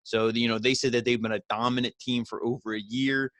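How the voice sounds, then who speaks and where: A man's voice: mid-range voice, flat delivery, fairly quick, a bit bright, no echo. A man giving a casual, rambling recap of a wrestling show, full of fillers and the odd swear word.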